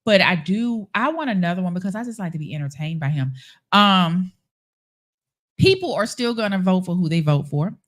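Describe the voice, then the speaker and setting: A woman chatting casually on a live stream, telling a story in a playful, animated way. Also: on the low side, moderate pace. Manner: animated, playful, acts out quoted voices. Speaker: show guest. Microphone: live stream call.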